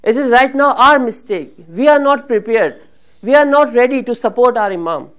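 High-voiced woman giving an earnest sermon. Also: expressive, moderate pace. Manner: earnest, rises and grows emotional when voicing supplications. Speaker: religious speaker.

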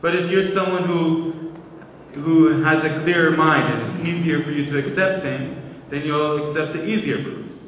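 Male lecturer, measured explanatory delivery, mic far off in a reverberant hall. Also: a little high, fairly even intonation, a bit bright, a little hiss or hum. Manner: measured, explanatory, repeats words when restarting. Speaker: Islamic lecturer. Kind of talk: religious lecture.

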